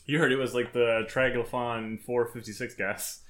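A man's voice: medium pitch, steady tone, normal speed, fairly bright tone, a little hiss or hum. A man co-hosting a podcast in casual chat, with dry, teasing banter. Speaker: podcast co-host.

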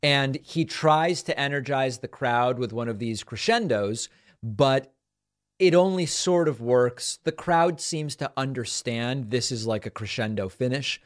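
A man hosting a political commentary show, sarcastic and mocking as he talks over clips. His voice sits at an ordinary middle pitch. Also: unhurried. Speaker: political talk show host.

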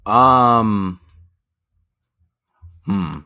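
A man who is a guest on a podcast, talking in a measured, agreeable way. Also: lowish voice, bright, forceful tone. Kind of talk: casual chat.

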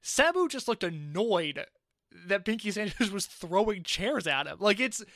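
A man's voice: high voice, very animated, unhurried, fairly bright tone, no room sound, clean studio sound. A man co-hosting a casual wrestling review podcast, opinionated and wry. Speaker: podcast co-host.

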